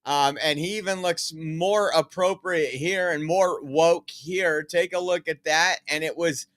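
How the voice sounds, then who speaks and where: A man's voice: fairly high pitch, fairly even intonation, measured pace, fairly bright tone. A man giving casual political news commentary, reading out articles, emphatic and rambling with many fillers.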